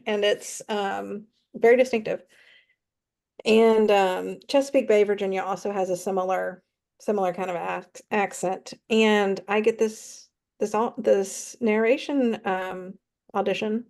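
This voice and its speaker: A woman's voice: mid-range voice, darkish tone. A woman author chatting casually as a guest, with lots of fillers and easy laughter. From North Carolina. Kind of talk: casual chat.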